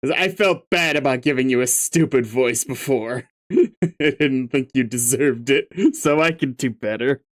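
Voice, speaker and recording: A man's voice: mid-range voice, measured pace. A man reading a webcomic aloud, with wry, laughing asides. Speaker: webcomic read-along host. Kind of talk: casual read-through commentary.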